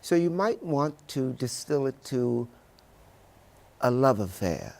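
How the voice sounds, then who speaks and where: An older man talks in a television studio interview with a grave, oratorical cadence. His delivery is unhurried and his voice carries a gravelly rasp. Every phrase sounds deliberately weighed. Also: mid-range voice, very animated, a little mellow. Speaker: Broadway actor, interview guest.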